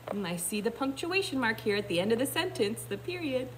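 Gentle, lively kindergarten teacher reading aloud. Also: female voice, fairly high pitch, a little fast, a little hiss or hum. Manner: gentle and explanatory, thinking aloud. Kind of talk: reading a picture book aloud with explanations.

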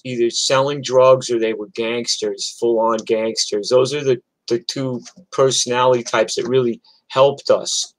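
A man's voice: medium pitch, dry recording, poor audio. An older man from New York telling rambling, profane stories in casual chat on a livestream. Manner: rambling, profane, chatty with restarts. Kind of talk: casual storytelling.

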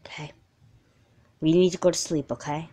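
A woman doing a soft, gentle mother. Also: sits low, fairly even intonation, moderate pace, slightly rough. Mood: soothing. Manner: soft, coaxing, reassuring. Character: gentle, patient mother, caring but firm. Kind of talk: amateur doll film voice acting.

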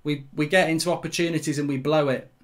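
A man's voice: fairly high pitch, steady tone, fast. A middle-aged English man giving a blunt, sweary live reaction to a football match.

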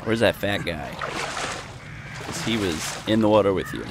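Young guy with a gravelly low voice narrating his game, dry jokes, bit of hiss behind. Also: animated, slow. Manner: wry, chatty, talks to the game characters. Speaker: gameplay commentator. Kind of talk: let's play commentary.

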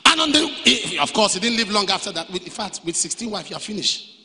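A male pastor preaching a sermon, dropping to quiet storytelling and then rising to shouted lines. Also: high voice, sing-song, fast talker. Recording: reverberant hall.

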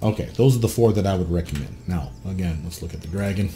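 A gameplay guide host walks through a game character build in a low, mellow voice at a quick pace, with a little hiss or hum in the audio. He's blunt, conversational, and freely profane, often asking the viewer questions.

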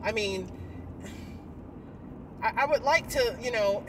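A woman's voice: fairly high pitch, slow pace, recorded from a distance, noisy background. A woman talking candidly in a personal vlog, rambling and emotional, with frequent sighs and fillers. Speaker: vlogger.

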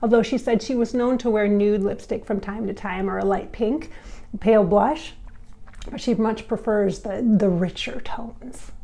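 A woman's voice: medium pitch, moderate pace, vocal fry, mellow. Effusive, giggly woman channeler. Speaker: channeler and vlog host. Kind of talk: casual spiritual vlog talk.

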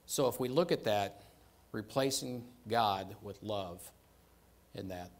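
A man's voice: fairly low pitch, takes it slowly. A man preaching a sermon in a conversational way, stressing and repeating key phrases and often checking in with "right?" and "okay?".

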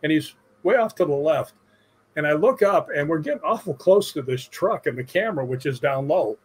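A middle-aged man from Chicago, a stuntman guest, telling animated stories in a casual interview. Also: on the high side, brisk, slight background noise. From Chicago, USA. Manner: animated anecdotes with acted-out quotes.

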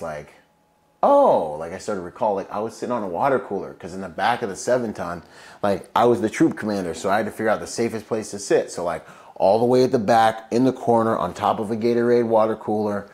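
A man's voice: on the low side, fast, a little mellow. A man who is a Marine veteran, telling his story as an interview guest in a casual, laid-back way, full of slang and fillers.

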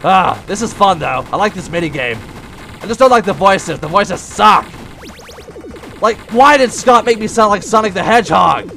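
A brash animatronic pirate fox with a high, gravelly growl and quick fits of temper, as a man acts him out. He drops into pirate speech between game chatter. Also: expressive, faint music behind, full character voice. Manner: pirate talk, hot-tempered, loud outbursts. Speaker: let's play gamer in character.

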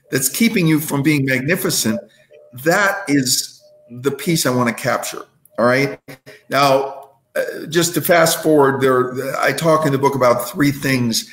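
A man's voice: mid-range voice, fairly bright tone. Man giving a motivational talk, roomy sound. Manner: checks in with listeners, tells stories. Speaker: guest, inspirational speaker. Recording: roomy echo.

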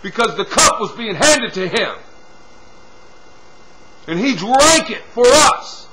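A man preaching a sermon, dropping from loud appeals to hushed, quiet passages and punctuating with "see?" and "hallelujah". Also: very high-pitched, sing-song, slow pace, very noisy. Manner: swings from loud exhortation to hushed near-whispers.

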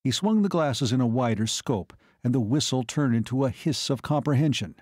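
A man narrating an audiobook in a measured, steady reading voice. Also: medium pitch, dry recording, studio quality. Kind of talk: scripted narration.

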